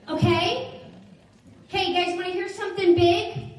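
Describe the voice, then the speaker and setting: Speaking to a room in an echoey hall, with the mic well away from her, a middle-aged jewelry stylist delivers a chatty motivational talk full of stories and questions for the audience. Her voice sits high and mellow, with lively intonation and normal pacing.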